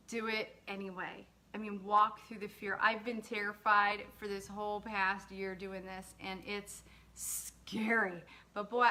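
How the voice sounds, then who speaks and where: A woman, an author, hosting a casual livestream and chatting with viewers, giving shout-outs and laughing asides. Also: medium pitch. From lived in the US state of Georgia.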